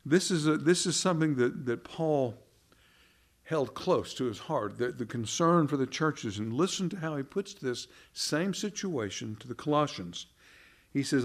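A man preaching a sermon, earnest, firing rhetorical questions and often repeating words, rising in pitch and volume for emphasis. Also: animated, normal speed.

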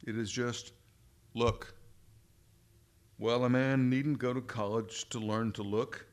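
A man preaching a sermon in an emphatic, deliberate way, leaning on repeated phrases. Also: medium pitch, fairly even intonation.

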